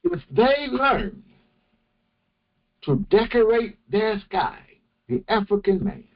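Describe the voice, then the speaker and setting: A man teaching a morning religious session, speaking slowly and deliberately and often restarting his phrases. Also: high voice, lively intonation, dull audio. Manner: slow, deliberate, with many restarts. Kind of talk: morning lecture.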